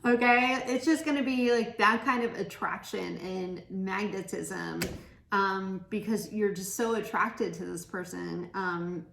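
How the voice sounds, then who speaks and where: A woman's voice: medium pitch, steady tone, unhurried, creaky, a bit bright. A woman giving a casual pick-a-card tarot reading, chatty and giggly, laughing often. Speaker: tarot reader. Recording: echoey room with faint noise.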